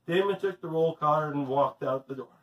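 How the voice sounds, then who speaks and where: A man, a physical education teacher, reading a children's story aloud in an animated way. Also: a little high, normal speed. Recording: roomy, distant mic.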